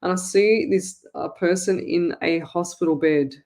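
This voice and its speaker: A woman's voice: on the low side, measured pace, a little mellow. A woman hosting a live psychic reading show, talking to viewers in a rambling, chatty way with many restarts. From Australia. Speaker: psychic medium host.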